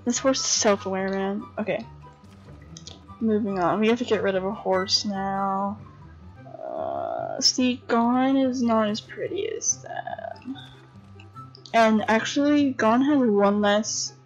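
A tired young woman giving casual commentary on a horse game, chatty and excitable, swearing freely and breaking into gasps and laughs. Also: medium pitch. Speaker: gamer commentator. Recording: dull lo-fi home recording with faint game music.

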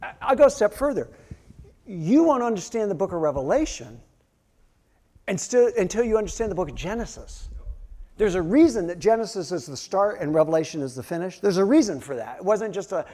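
This is a sermon from a male pastor whose high voice is sing-song and fairly quick. He brings his stories to life by acting out quotes, alternating between loud outbursts and hushed, near-whispered lines.

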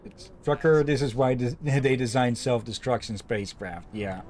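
A man's voice: medium pitch, fairly even intonation, moderate pace, a little mellow. A man streaming a co-op game, chatting casually and swearing at what happens on screen. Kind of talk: casual gaming stream chat.

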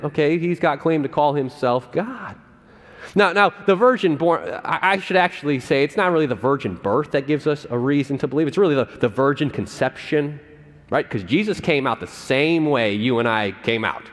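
A male pastor preaching a sermon in a conversational, animated way, often checking in with "right?" and "okay?". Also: fairly high pitch. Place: church sanctuary. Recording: long church reverb.

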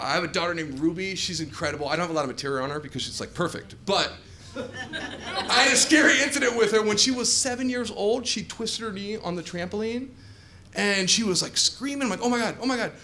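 A man in his forties doing an animated stand-up comedy set on a club stage, telling stories and jumping into shouted asides, with audience laughter in the recording. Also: high-pitched, a little hiss or hum.

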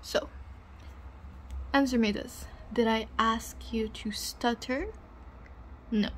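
A woman's voice: on the high side, fairly even intonation, takes it slowly, slight background noise. A woman playing a cruel young bully in a whispered role-play, taunting and bossing the listener with mocking laughs. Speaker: audio role-play performer.

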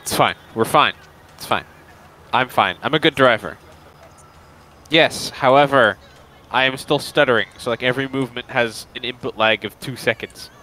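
Bright-voiced young man joking while gaming. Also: mid-range voice, moderate pace, slight background noise, low-quality recording. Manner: joking, swearing, laughing often. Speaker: gamer. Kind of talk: casual gaming chat with friends.

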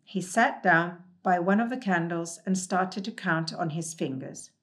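A woman reading a storybook aloud in a gentle, calm and measured way. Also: on the low side.

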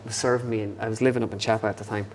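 An Irish man telling stories in a casual pub chat, lively and quick, often slipping into impressions. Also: lowish voice, big-room sound, a little hiss or hum. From Ireland. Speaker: impressionist guest.

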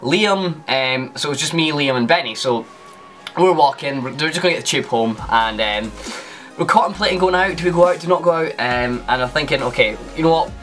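A man's voice: a little high, animated, fairly quick, a bit bright. Young man, Scottish accent, casual vlog storytelling, rambling, filler-heavy, faint background music. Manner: rambling, lots of fillers and restarts. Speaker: YouTuber.

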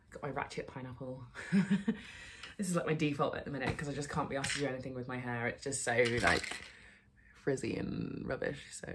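A woman's voice: rumbling low, slight background noise. A young woman chatting casually to camera at home for her fitness vlog, tired and candid, rambling with fillers and the odd swear. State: tired and low on energy. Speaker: fitness vlogger. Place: at home, indoors.

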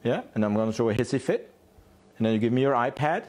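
Bratty three-year-old, whiny and bossy, rattling off demands quickly, as a man puts it on. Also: medium pitch, expressive, darkish tone, natural voice.

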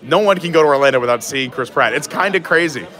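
A man's voice: mid-range voice, lively intonation, fast, fairly bright tone. A man hosting a live stream from outdoors at a theme park, chatting casually and thinking aloud with plenty of fillers.

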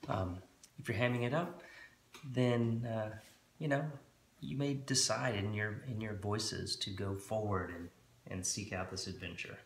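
Low-voiced man explaining a tabletop game. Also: a little slow, gravelly, echoey room, a little hiss or hum. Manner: relaxed, rambling, many fillers. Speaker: dungeon master and channel host. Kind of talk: casual tutorial explanation. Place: room at home with a board.

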